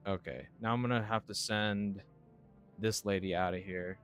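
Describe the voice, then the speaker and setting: A man's voice: on the low side, fairly even intonation, moderate pace, faint music behind. A man doing casual let's play commentary on a horror game, reacting in a sarcastic, offhand way. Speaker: gamer.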